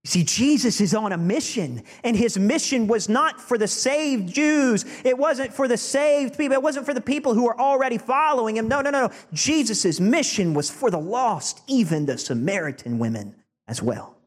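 A male preacher delivering a sermon, animated and emphatic, building to forceful peaks. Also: very high-pitched, normal speed. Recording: long church-hall reverb.

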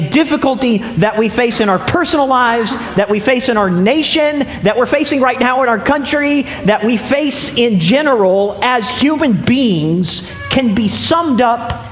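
A man's voice: sits high, fairly bright tone, slight background noise. A man preaching a sermon to a congregation, telling stories with frequent restarts. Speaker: pastor. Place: church sanctuary. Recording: echoey hall with long reverb.

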